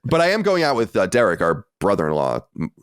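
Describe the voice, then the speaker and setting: A man in his late thirties, a podcast co-host, telling an animated story with exasperated asides in casual chat. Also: on the low side, fast, clean tone, no echo, clean studio sound. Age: 30s.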